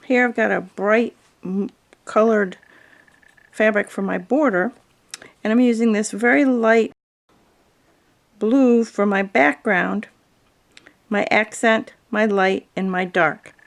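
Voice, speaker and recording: A woman with a mid-range voice and a gravelly, fry-tinged edge narrates a quilting lesson. She talks through her fabric choices calmly and plainly, one item at a time, like a patient instructor. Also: mid-range voice, slow pace, long pauses. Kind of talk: video tutorial narration.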